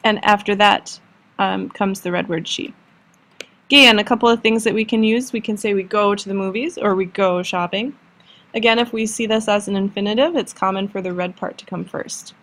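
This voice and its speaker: A woman teacher giving a recorded lesson, patiently explaining and slowing down for example sentences. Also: mid-range voice, steady tone, fairly bright tone. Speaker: language teacher.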